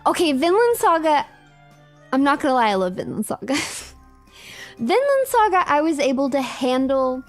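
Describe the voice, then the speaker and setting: A young adult woman streamer chatting casually with her viewers, telling a story in an animated, emphatic way with lots of repetition. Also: high-pitched, a little fast, faint music behind.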